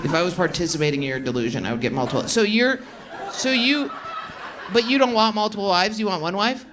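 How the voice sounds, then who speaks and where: A woman's voice: mid-range voice, expressive, fast, background noise. Brash profane woman comic working the crowd. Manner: brash, profane, riffing with the audience. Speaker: stand-up comedian. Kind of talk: stand-up crowd work. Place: comedy club stage. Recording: roomy club sound with loud audience.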